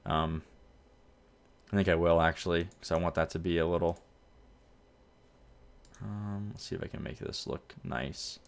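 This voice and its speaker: Low voiced guy chatting thru a city builder game, easygoing, trips over his words n fixes them. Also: a little slow, gravelly, long pauses. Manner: relaxed, rambling, self-correcting. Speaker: gameplay video host. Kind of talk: casual let's-play commentary.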